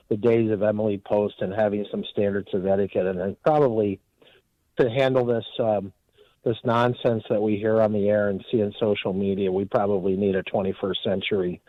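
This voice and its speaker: A man calling in to a talk radio show, earnest and measured in his praise. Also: on the low side, no room sound, muffled recording. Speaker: caller. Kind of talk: call-in comment.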